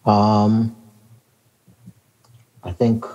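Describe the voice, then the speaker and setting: A man's voice: lowish voice, completely flat delivery, very slow, warm tone, dull audio. A man from Calgary co-hosting a casual hip-hop podcast, laid-back, steering the show with short replies. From Calgary, Canada. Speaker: podcast co-host and rapper. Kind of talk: casual chat.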